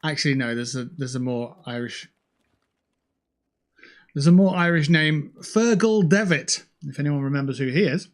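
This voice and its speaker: Here a man with a mid-range voice speaks at normal speed but leaves long pauses. He's livestreaming a shooter game through a headset mic, casually joking around and swearing at his opponents.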